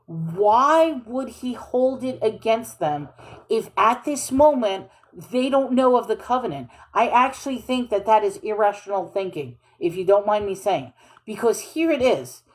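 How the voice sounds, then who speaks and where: A woman's voice: medium pitch, lively intonation, measured pace, darkish tone. A woman reading scripture aloud and discussing it in a questioning, informal, think-aloud way. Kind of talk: casual bible reading and commentary.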